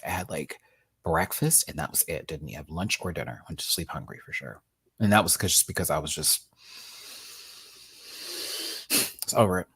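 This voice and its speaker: A man, hosting a casual livestream from home, chatty and expressive, swearing freely and thanking viewers as he tells stories. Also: fairly low pitch, slightly rough. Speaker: livestream host. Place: home, indoors.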